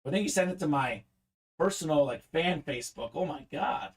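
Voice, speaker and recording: A man's voice: on the high side, animated, a little fast. A young man hosting a live card-break stream, chatting casually and reading viewer comments aloud.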